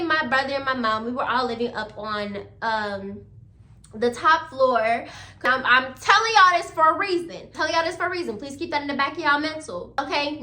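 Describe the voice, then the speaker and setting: A young woman telling a story to her viewers in a chatty, animated, slangy way, laughing now and then. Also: high-pitched, reverberant. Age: young adult. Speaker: storytime YouTuber. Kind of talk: casual storytelling to camera.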